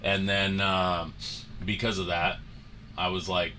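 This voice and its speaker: A man hosting a sports card show, telling a story in a casual, animated way and acting out the moments. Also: sits low, takes it slowly, a little hiss or hum.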